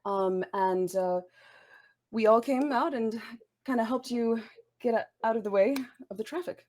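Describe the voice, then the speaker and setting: A woman's voice: on the high side, unhurried, darkish tone. A woman player in a tabletop game, speaking in character in a hesitant, reassuring way. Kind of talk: in-character role-play.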